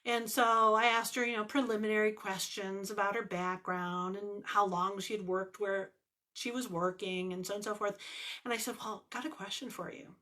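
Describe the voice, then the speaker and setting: A woman's voice: mid-range voice, little pitch movement, moderate pace, pushed and bright. A woman life coach talking straight to the camera in an earnest, emphatic way, repeating phrases for emphasis. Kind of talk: direct-to-camera vlog talk.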